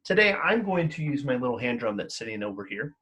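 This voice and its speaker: A man's voice: medium pitch, big pitch swings, fast talker, pushed and bright. A man teaching an elementary music lesson online, encouraging the class as he counts them in and chants rhythms with them.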